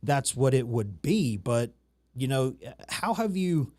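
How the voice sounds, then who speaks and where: A man's voice: medium pitch, very animated, slow pace, darkish tone. A man from the American South hosting a casual chat, talking in a loose, rambling, self-mocking way. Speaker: talk show host.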